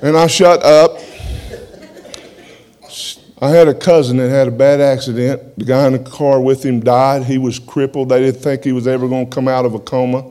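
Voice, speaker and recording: A man's voice: mid-range voice, flat delivery, normal speed, dark tone. A man giving his testimony to a congregation in a plain-spoken, folksy way, often repeating words as he goes.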